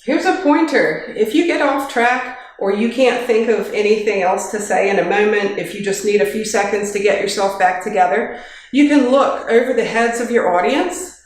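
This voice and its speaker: A woman's voice: medium pitch, normal speed, a little hiss or hum. A woman giving an informal workplace training talk in a kitchen, chatty and practical, with light joking asides, speaking into a handheld microphone. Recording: very echoey kitchen.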